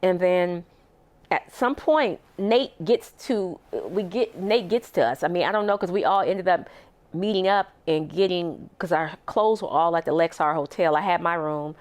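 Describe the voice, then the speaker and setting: A middle-aged woman speaking as a guest in an interview, retelling a personal story with raw emotion. Her voice sits fairly low, and she acts out the words of others as she goes. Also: normal speed, a little mellow. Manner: emotional, vivid retelling with acted-out quotes.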